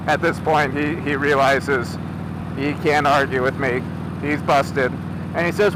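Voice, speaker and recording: Man, vlogger, animated storyteller, slightly high voice, noisy outdoor recording. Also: moderate pace. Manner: animated retelling, acts out both sides of a confrontation. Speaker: motorcycle vlogger. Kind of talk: casual storytelling.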